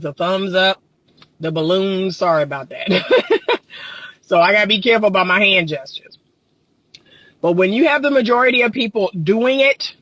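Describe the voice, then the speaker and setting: A relationship coach and counselor is driving and talking to his livestream viewers in a casual, passionate way, getting more and more riled up. His voice is high-pitched and a bit bright. The recording is dry.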